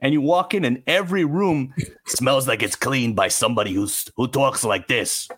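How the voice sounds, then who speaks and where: A man telling self-mocking stories as a podcast guest, animated and quick to restart his phrases. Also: mid-range voice, slightly rough. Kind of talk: casual storytelling. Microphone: remote call.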